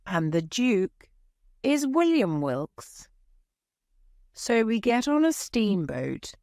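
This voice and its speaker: A woman reading a graded-reader story aloud in a clear, measured storytelling way. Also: fairly low pitch, a little mellow, dry recording, studio quality. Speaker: audiobook narrator. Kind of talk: scripted narration of a graded reader.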